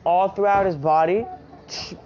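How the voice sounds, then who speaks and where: A woman's voice: lowish voice, expressive, slow pace. A woman casually retelling a fan story, rambling with lots of filler asides. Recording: dull lo-fi home recording.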